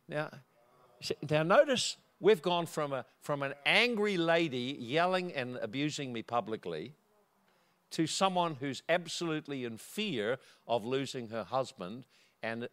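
A man's voice: animated, moderate pace. A man preaching a sermon, telling a personal story and acting out the voices in it. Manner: storytelling, acting out quotes with big swings of pitch and loudness.

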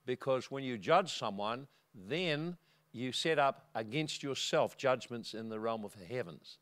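A man's voice: expressive, measured pace. A man preaching a sermon, telling a personal story and acting out the voices in it. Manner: storytelling, acting out quotes with big swings of pitch and loudness.

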